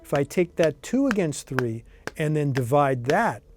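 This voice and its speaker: A man's voice: a little high, very animated, a little slow. A middle-aged man teaching a guitar lesson, explaining rhythm in an easygoing way and counting beats aloud between demonstrations. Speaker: guitar instructor.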